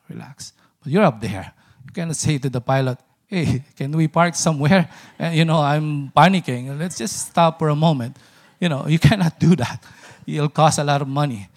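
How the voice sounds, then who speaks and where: A man in his forties from the Philippines gives a sermon with a gravelly, creaky edge and a mid-range pitch. He talks earnestly and informally, laughing now and then and breaking off into restarts. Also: a little mellow. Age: 40s. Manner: earnest, laughs often, frequent fillers and restarts. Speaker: preacher.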